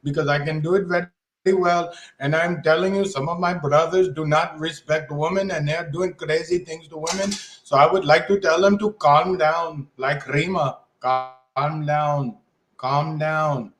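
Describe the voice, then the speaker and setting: A man's voice: fairly high pitch, fairly even intonation, measured pace, fairly bright tone, soft background music. A man putting on an exaggerated comic character voice that lectures in a mock-serious way. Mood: mock-stern. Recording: echoey room.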